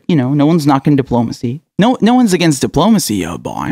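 A man's voice: a little high, wildly swooping pitch, fairly quick, vocal fry, few pauses, a little mellow, no echo, clean studio sound. A man giving sarcastic political commentary, mocking and taunting his listeners with rhetorical questions and frequent laughs.

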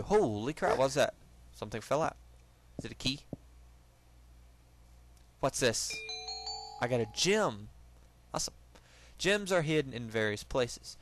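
A young man hosting a let's play, reading game text aloud and reacting with excited, jokey commentary. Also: medium pitch. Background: game music.

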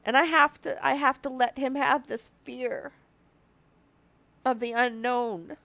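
A woman's voice: high-pitched, fairly even intonation, slow, vocal fry, sharp tone, dry recording. A woman in her early fifties giving an earnest, confessional devotional talk to her viewers, teary and close to crying, often restarting her sentences. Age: 50s. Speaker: marriage ministry speaker.

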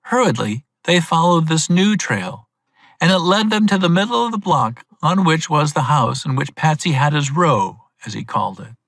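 Clear, steady male storybook narrator. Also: fairly high pitch, normal speed, no echo. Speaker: audiobook narrator. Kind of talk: scripted narration for English learners.

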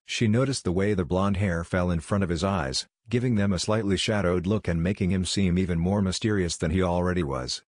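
A man narrating a fan-fiction story in an even, storytelling manner. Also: low voice, dry recording, clean studio sound.

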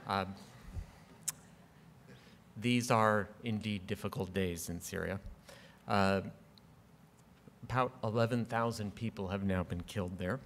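A middle-aged man with a fairly low voice delivers an acceptance speech at a podium. He talks in a measured, earnest way, often pausing on "um", and slips in dry humor. His voice carries a long reverb from a large hall. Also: a little hiss or hum. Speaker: award recipient giving an acceptance speech.

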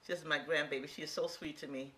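A woman's voice: sits low, fairly even intonation, fast talker, bright, forceful tone, a little hiss or hum. A woman in her sixties demonstrating a recipe in her home kitchen, talking straight to viewers in a folksy, exclamatory way. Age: 60s. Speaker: home cook. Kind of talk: casual cooking demonstration.

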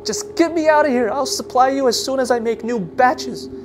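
A man voicing a desperate male scientist who shouts and wails in panic. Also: moderate pace. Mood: frantic. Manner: screaming, panicked, high-pitched outbursts.

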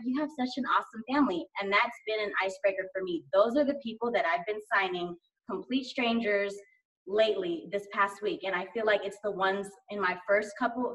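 A woman's voice: medium pitch, a bit bright, far from the mic, rough recording. A woman guest chatting casually in an interview, enthusiastic and rambling with lots of fillers. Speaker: guest sharing sales tips.

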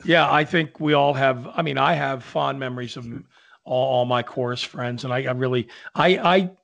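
A man, an opera singer co-hosting a casual video-call chat, rambling warmly as he keeps the talk moving. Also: mid-range voice, moderate pace, gravelly, highs cut off.

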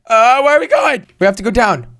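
A young man hosting a gaming channel, giving excitable let's-play commentary, talking to himself and shouting and swearing at the game. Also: very high voice, fairly quick.

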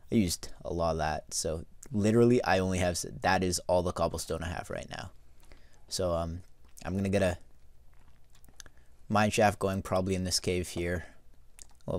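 Low-voiced man rambling over gameplay. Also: a little mellow, dry recording. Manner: rambling, easygoing, many fillers. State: yawning. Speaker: let's play host. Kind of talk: casual gameplay commentary.

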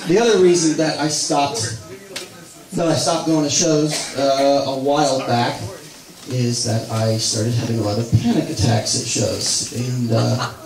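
A man's voice: mid-range voice, steady tone, measured pace. A man in his late thirties telling a rambling, self-deprecating spoken word story to a live audience. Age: late 30s. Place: small live venue with audience. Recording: roomy live recording from far off, crowd noise. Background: audience laughter.

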